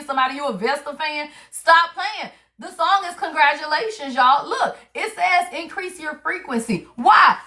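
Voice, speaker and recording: A woman's voice: sits high, bright, forceful tone. A woman doing a spiritual card reading on a livestream, chatty and emphatic, talking straight to her viewers with casual slang and swearing. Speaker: tarot reader.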